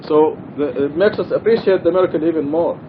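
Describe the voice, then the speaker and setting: A middle-aged man giving an informal, earnest religious study talk in a mosque, explaining and emphasizing his points. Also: fairly quick. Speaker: Quran study teacher. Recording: dull lo-fi archival recording with faint rumble.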